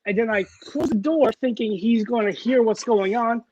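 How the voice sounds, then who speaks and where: A man's voice: very high voice, moderate pace, darkish tone, muffled recording, a little hiss or hum. A man co-hosting a casual podcast chat, telling a story animatedly and acting out the dialogue. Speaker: podcast co-host.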